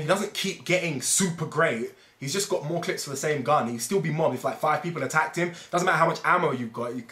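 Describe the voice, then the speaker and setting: A man's voice: a little high, fairly bright tone. A man talking casually to camera as a fitness vlogger, rambling and fond of analogies. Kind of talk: casual explainer monologue. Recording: echoey room.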